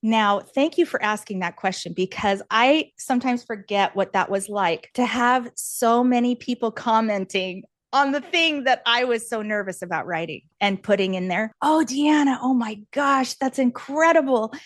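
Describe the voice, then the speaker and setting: A woman as a podcast guest, telling a candid personal story in an animated, earnest way, laughing often and acting out what others said. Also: medium pitch, normal speed, few pauses, dry recording. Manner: animated, laughs often, acts out quoted voices; earnest and encouraging.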